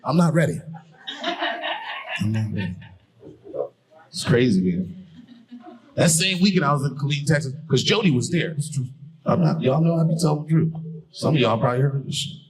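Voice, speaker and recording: A man performing a stand-up comedy set on stage, telling profane stories loudly and baiting the crowd. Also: a little high, expressive, fairly quick, rough recording. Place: comedy stage before a live audience. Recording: live crowd laughter and applause. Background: audience laughing and clapping.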